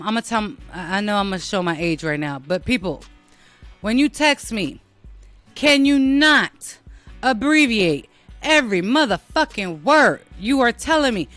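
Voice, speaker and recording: A woman's voice: a little high, fairly bright tone, no echo. An American woman hosting her own show, talking casually to listeners in a blunt, profane and self-mocking way. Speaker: podcast host.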